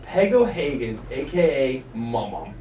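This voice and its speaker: A young man hosting a student radio show, chatting and joking with his cousins about family stories. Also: mid-range voice. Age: young adult. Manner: joking, animated, quick bursts of mock outrage. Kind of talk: casual chat with family. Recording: echoey room, distant mic, faint hiss.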